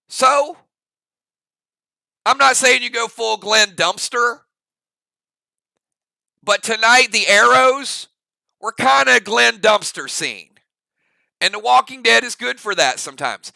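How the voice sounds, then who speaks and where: A man's voice: high-pitched, vocal fry, bright, forceful tone, no room sound. A man hosting a live-stream reaction show, chatting loosely with his viewers and thinking aloud with many restarts. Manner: rambling, thinks aloud with restarts, talks straight to chat.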